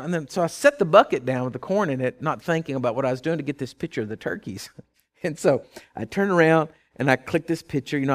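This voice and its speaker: A man's voice: fairly high pitch, fairly bright tone. A man telling a casual spoken anecdote, rambling with lots of "you know" and restarts, and acting out voices in the story.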